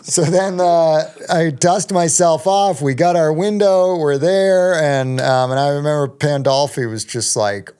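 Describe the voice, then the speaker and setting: A man's voice: on the high side, slow pace, darkish tone, clear, resonant tone. A middle-aged man telling a long story as a podcast guest, rambling with many ums and restarts. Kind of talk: casual storytelling.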